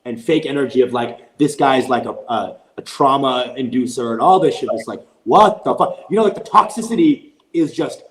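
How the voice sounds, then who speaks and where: Male comedian guest, mid-pitch, loose profane storyteller, echoey room. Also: normal speed, few pauses, slight background noise. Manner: rambling, profane, animated retelling. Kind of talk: casual storytelling.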